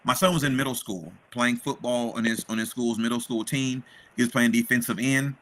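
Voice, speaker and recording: A man in his forties hosts a panel conversation and tells an emotional, heartfelt story as a father, frequently asking "right?" and addressing listeners as "man." His voice is medium-pitched, steady in tone, brisk and a bit bright.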